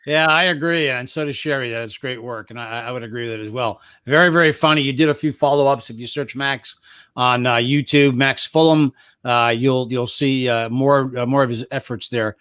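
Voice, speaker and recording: A man's voice: mid-range voice, fairly quick, a bit bright, smooth, dry recording, studio quality. A man hosting an interview, asking long, rambling questions full of fillers over a video call. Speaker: podcast host. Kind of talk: casual interview.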